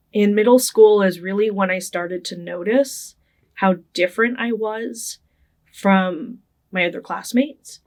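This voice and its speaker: A young adult woman from Northern California talks through her childhood memories for an oral history interview. She keeps a casual, reflective tone, often adds "right?", and laughs lightly now and then. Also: medium pitch. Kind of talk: reflective personal storytelling.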